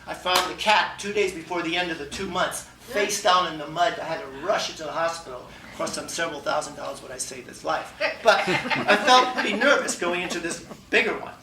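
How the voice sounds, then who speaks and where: A man giving a humorous story speech at a contest, animated and acting out dialogue, laughing along. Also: fairly high pitch, brisk, few pauses, crowd noise. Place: meeting room before an audience. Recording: echoey room, mic far off, faint ambience.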